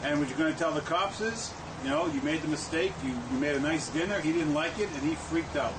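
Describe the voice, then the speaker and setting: A man's voice: on the high side, fairly quick. A man giving preachy, folksy advice in a monologue clip. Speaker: advice video speaker. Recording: distant mic with clear background noise.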